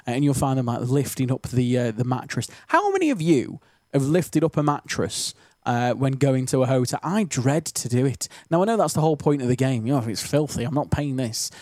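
Male radio DJ, Stoke accent, rambling chatty link, dry close studio sound, mid pitch. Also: brisk, few pauses, warm tone, no echo. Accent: Stoke-on-Trent English. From Stoke-on-Trent, England. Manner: chatty, rambling, self-deprecating. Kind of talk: casual radio chat between songs. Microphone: studio microphone.

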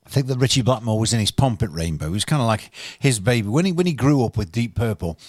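A man's voice: mid-range voice, expressive, fast talker, a little mellow, no echo, studio quality. A man hosting a rock radio show, chatty and rambling, a little self-deprecating. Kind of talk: casual radio DJ chat. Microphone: studio microphone.

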